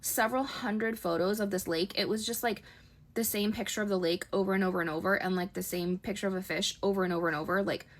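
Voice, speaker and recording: Young woman storyteller, rapid casual storytime delivery, chatty and exasperated. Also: medium pitch, steady tone. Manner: chatty, exasperated retelling with lots of "like".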